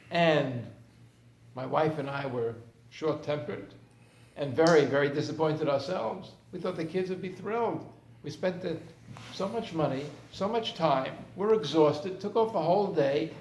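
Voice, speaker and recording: A man, a therapist, giving a conversational storytelling talk to a group. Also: a little high. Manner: anecdotal, conversational, acts out scenes. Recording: roomy room with faint background noise.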